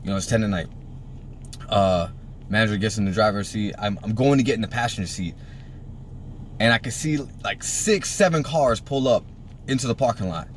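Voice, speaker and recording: A man's voice: lowish voice, moderate pace, pauses often, slight background noise. A man in his thirties from Puerto Rico, casually telling a story full of swearing and acting out the people in it. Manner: profane, animated, acts out quotes in a raised voice.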